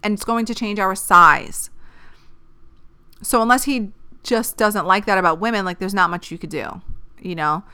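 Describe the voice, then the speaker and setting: A woman's voice: mid-range voice, normal speed, long pauses, clean tone. Blunt, profane woman podcaster in her thirties. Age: 30s. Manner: blunt, profane and animated, giving dating advice. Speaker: podcast host. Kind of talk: casual podcast monologue.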